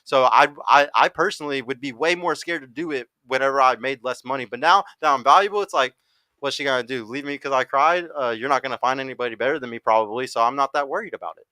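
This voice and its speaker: Young guy hosting a podcast, talks fast and bright, swears a lot, dry close sound. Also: medium pitch, no room sound. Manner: blunt, profane, fast-talking. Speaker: podcast host. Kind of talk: casual panel chat.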